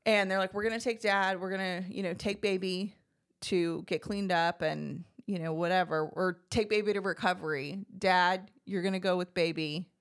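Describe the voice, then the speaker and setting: A woman's voice: fairly low pitch, normal speed, clean tone. A woman co-hosting a podcast, chatting casually as she tells a personal story and acts out what others said. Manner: chatty, animated, acts out quoted voices. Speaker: podcast co-host telling her birth story.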